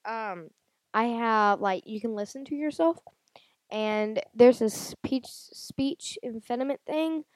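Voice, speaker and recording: A woman's voice: a little high, slow, no echo. A woman hosting her own casual podcast. She chats loosely and rambles, with lots of fillers and restarts. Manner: rambling, chatty, many fillers. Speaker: podcast host. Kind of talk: casual solo podcast chat. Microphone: handheld audio recorder.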